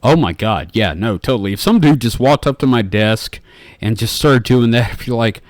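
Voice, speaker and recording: A man in his forties co-hosts a podcast, telling animated stories full of swearing and laughter in a casual, comedic chat. His mid-range voice moves at a normal speed, captured in a clean studio with no echo.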